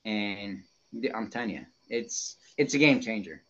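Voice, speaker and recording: A man's voice: lowish voice, animated, a little slow, lo-fi sound, crowd noise. A man in casual podcast chat, enthusiastic, with many fillers and repeated catchphrases.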